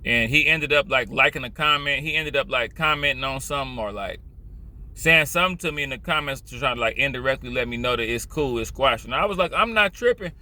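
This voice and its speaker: A man's voice: mid-range voice, brisk, pushed and bright. A man from Richmond, California, with a Californian accent, giving blunt, profane, rambling street commentary in a casual vlog.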